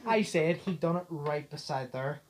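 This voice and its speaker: Young man telling an animated, sweary story. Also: on the high side, fairly quick, slight background noise. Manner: animated retelling, acts out the dialogue; swears freely and laughs mid-story. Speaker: podcast host. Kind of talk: casual storytelling chat.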